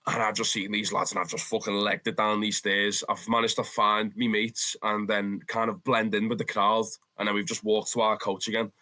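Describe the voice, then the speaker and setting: A man's voice: on the low side, moderate pace, few pauses. A young man with a Liverpool accent, a podcast guest telling football stories casually, swearing and laughing as he goes. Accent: Liverpool (Scouse). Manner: animated, swears freely, says "lad" often, bursts into laughter. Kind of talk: casual storytelling.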